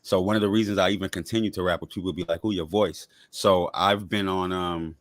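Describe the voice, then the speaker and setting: A man with a strikingly deep voice chats as an interview guest, quick and laid-back as he talks up his projects. The sound is dry and close, with no room around it. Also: steady tone, dry recording. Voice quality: deep voice others remark on. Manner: laid-back, self-promoting, quick-talking. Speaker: guest, rapper and podcaster. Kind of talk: casual interview chat.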